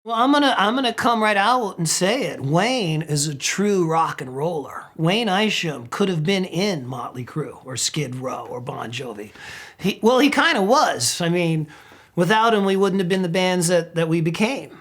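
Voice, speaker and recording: Laughing, swearing middle-aged rocker telling stories. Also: male voice, high voice, moderate pace. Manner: animated storyteller who laughs often and swears casually; acts out quotes with sudden loud outbursts. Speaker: rock singer interviewee. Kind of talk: casual anecdotal interview.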